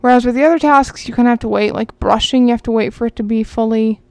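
A woman's voice: a little high, fast, darkish tone, no room sound. A woman, chatting casually to viewers as she plays a horse game, rambling and talking to herself along the way. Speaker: gaming channel host. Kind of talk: casual gameplay commentary.

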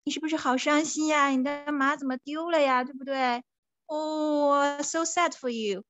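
A woman's voice: sits high, steady tone, moderate pace, a bit bright. Woman playing cooing village friends. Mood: sympathetic. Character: sympathetic friendly village neighbours.

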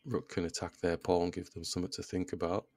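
A chess video creator with a low, slightly mellow voice gives casual commentary in a flat, fairly quick delivery, thinking aloud move by move. The studio sound is clean with no room sound, and he groans self-deprecatingly at his own blunders.

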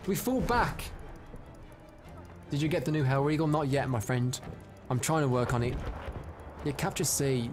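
A man giving live commentary over his own gameplay, excitable and prone to loud frustrated outbursts, chatting with his viewers between rounds. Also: on the high side, normal speed, pauses often, soft background music. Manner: chats to viewers and reads out their comments. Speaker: live streamer.

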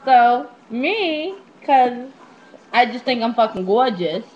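A young woman telling a story casually to her webcam at home, brash, profane and animated as she gossips. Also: fairly high pitch, slow pace, dull audio. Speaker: vlogger.

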